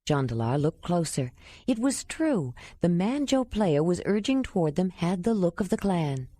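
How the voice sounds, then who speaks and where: A woman narrating an audiobook in an even, measured reading. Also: fairly low pitch, no room sound.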